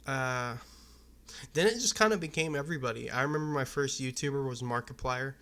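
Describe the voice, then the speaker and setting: A man's voice: mid-range voice, brisk, sharp tone. A young man from Arizona talking candidly to camera in a casual vlog, loose and rambling, with plenty of swearing. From Arizona, USA. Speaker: vlogger. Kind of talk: casual personal talk to camera.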